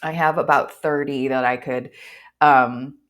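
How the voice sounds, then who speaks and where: A woman's voice: very deep voice, fairly even intonation, a little slow. A young woman co-hosting a podcast, telling a funny story in a chatty way full of fillers and laughter. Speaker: podcast co-host.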